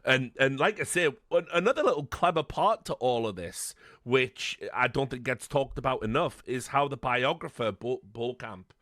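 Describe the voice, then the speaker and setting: A man's voice: medium pitch, animated, moderate pace, few pauses, a bit bright, dry recording. Male podcast host, analytical, stop-start phrasing, mid-range voice, dry close sound. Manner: analytical, many restarts and fillers. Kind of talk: casual film discussion chat.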